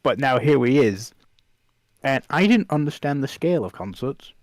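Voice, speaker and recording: With an expressive mid-range voice and a moderate pace, a young man from England tells stories on a podcast in an easygoing, laughing manner. The chat is casual, peppered with "like," and the recording has no echo.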